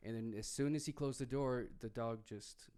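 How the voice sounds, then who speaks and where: A man with a smooth, resonant voice tells a story casually. He stops and restarts often as he works through it, at an average pitch. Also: mellow. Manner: halting, restarts often while recounting. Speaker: podcast co-host.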